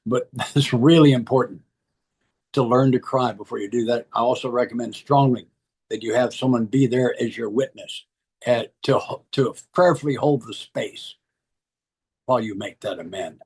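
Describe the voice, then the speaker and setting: A man's voice: medium pitch, husky. A middle-aged man, speaking earnestly and emphatically as he gives personal testimony to a recovery group, repeating key phrases.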